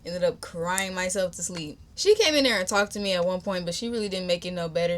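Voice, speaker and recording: A young woman hosting a podcast, telling a personal story in a chatty, animated, slangy way and talking straight to her listeners. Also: fairly low pitch, fast, few pauses. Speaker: podcast host. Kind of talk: casual storytime.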